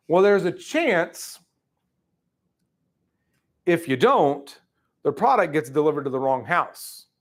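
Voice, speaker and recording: A middle-aged man leading a sales training, telling stories casually and acting out quoted lines with sudden jumps in pitch. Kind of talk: casual training talk with storytelling.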